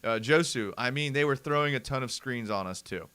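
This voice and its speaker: A young man hosting a live fan show, breaking down game film and reading out viewer comments in a lively, ranting way. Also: medium pitch, fairly quick, clean tone. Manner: animated, ranting, addresses viewers as bro.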